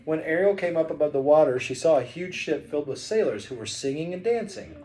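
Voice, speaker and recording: A man's voice: fairly high pitch, animated, brisk, dark tone. A man reading a picture book aloud to his child, playful and chatty between passages. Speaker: father reading a bedtime story.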